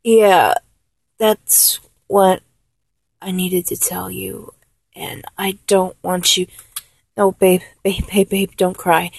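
A woman in a one-sided audio role-play, talking in a halting, stammering, apologetic way. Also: on the low side, flat delivery, creaky, husky, dry recording. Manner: halting, stammering, with many restarts.

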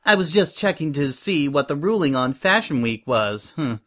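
A man's voice: a little high, expressive, moderate pace, a bit bright. A man doing a bossy, scoffing girl pony. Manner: scoffing, demanding. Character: bossy rude young female pony designer.

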